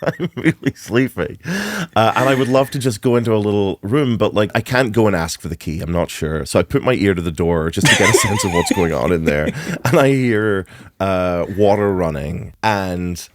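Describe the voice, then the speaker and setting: A young adult man co-hosting a podcast, telling a comic story in a lively way and laughing through it. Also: lowish voice, moderate pace, no room sound. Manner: animated, laughs through his own story. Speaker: podcast co-host. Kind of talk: comedic storytelling chat.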